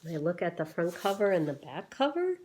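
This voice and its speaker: A woman, a teacher, reading a picture book aloud to children, gently pausing to ask questions and wonder aloud. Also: lowish voice, sing-song.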